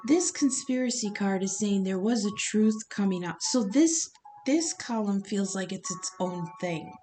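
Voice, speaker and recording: A woman's voice: medium pitch, a little mellow, poor audio. Casual, rambling woman tarot reader. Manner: rambling, conversational, swears casually. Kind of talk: casual tarot reading vlog.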